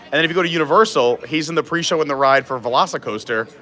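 Bright-voiced man chatting on a live stream. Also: fairly high pitch, rapid-fire. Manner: chatty, thinks aloud with many fillers. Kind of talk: casual live-stream chat. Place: outdoors at a theme park.

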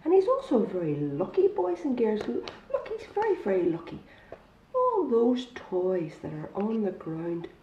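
A woman's voice: medium pitch, vocal fry, mellow. A woman, reading a picture book aloud to children in a bookshop and coaxing them with questions. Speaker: storytime reader. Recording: echoey room, dull lo-fi sound.

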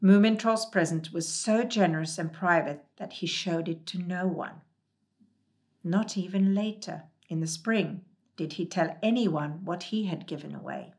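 Woman gently reading a storybook. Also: on the low side, measured pace.

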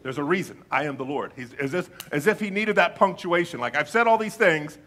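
A male pastor giving a conversational sermon with playful asides, reading scripture slowly and deliberately. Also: high-pitched, expressive, pushed and bright.

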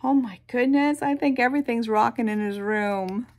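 A woman reading a picture book aloud to children, animated, with sound effects and soft whispered asides. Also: fairly high pitch, moderate pace. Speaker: storyteller.

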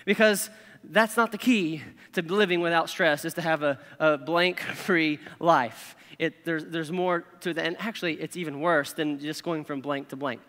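A middle-aged man, preaching a sermon with animated, self-deprecating storytelling and acted-out inner voices. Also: fairly high pitch, moderate pace. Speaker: pastor. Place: large church hall. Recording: reverberant hall.

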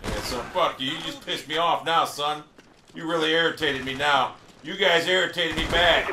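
A man giving live gameplay commentary, loud and profane, ranting and trash-talking. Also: fairly high pitch, moderate pace, reverberant, background noise. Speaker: gamer.

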